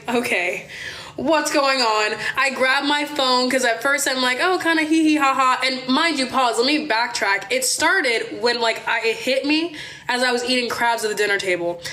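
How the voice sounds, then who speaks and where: Chatty young woman from Maryland, animated. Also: high voice, normal speed. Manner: animated, chatty, swears, addresses viewers as y'all. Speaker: livestream host. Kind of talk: casual livestream storytelling. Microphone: phone.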